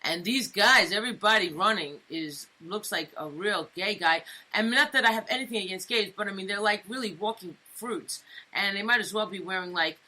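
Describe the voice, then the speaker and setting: A woman's voice: medium pitch, moderate pace, sharp tone. A woman co-hosting a talk show, joking in casual streetwise slang. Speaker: co-host. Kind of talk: casual political banter.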